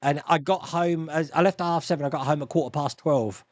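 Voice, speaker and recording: A man's voice: a little high, fairly quick, no echo. A man hosting a live stream, chatting casually and rambling through viewer comments with frequent laughs and restarts.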